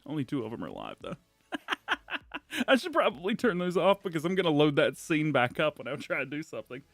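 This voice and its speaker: A man's voice: fairly high pitch, huge pitch swings, quick pace, a bit bright, no echo. A man hosting a casual gaming news livestream, rambling, laughing often and apologizing to chat. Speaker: livestream host.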